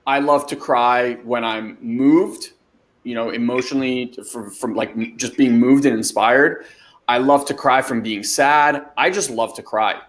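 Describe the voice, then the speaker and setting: A man's voice: medium pitch, a little slow. A man hosting a webinar, talking loosely as a life coach and answering a listener's question, with lots of "like" and "you know". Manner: loose, conversational, many fillers like "like" and "you know".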